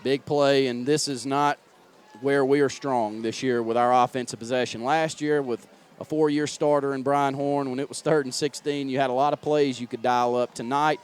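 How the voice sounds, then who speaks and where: A man giving conversational, analytical color commentary on a high school football game. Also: fairly even intonation, moderate pace, clean tone. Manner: analytical, conversational breakdown of plays.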